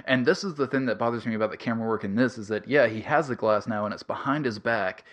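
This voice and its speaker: A man's voice: mid-range voice, quick pace. A man co-hosting a casual film podcast, blunt and opinionated, swearing freely. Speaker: podcast co-host reviewing a film. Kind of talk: casual chat.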